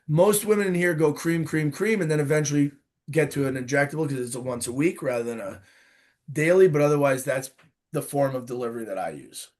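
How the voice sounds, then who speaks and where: A man's voice: on the high side, a little fast, a little mellow. A male doctor giving informal, emphatic expert answers as a guest in an interview. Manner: emphatic, informal, direct advice.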